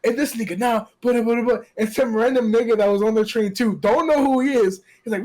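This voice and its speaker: A man's voice: very high voice, fairly quick. Guy telling a wild story to his friends, lots of swearing, does all the voices. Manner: animated, swearing, acts out voices in stories. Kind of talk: casual chat.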